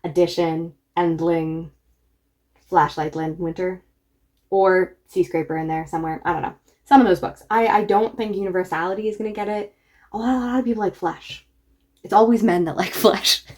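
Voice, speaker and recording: Chatty, excited woman book reviewer. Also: lowish voice, normal speed. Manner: enthusiastic, chatty. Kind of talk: casual reaction vlog.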